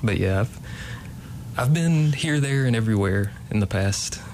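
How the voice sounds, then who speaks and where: A man in his late twenties from Kentucky, talking casually as a playwright guest. His voice sits low, and he keeps pausing and restarting his sentences. Faint noise runs in the background. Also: lively intonation, a little mellow. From Kentucky, USA. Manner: hesitant, many ums and restarts. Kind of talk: casual interview.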